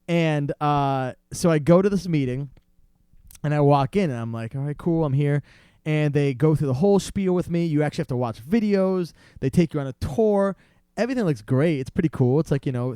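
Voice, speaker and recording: A man's voice: mid-range voice, smooth, no room sound, studio quality. A young man, a podcast guest, telling a long story in casual chat and acting out other people's lines as he goes. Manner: animated, acts out salesmen's voices in quotes.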